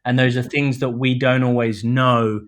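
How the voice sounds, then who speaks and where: This film director from London speaks with a medium-pitched, level voice at normal speed while guesting on a podcast. Chatty and casual, he fills his talk with "you know" and acts out quotations.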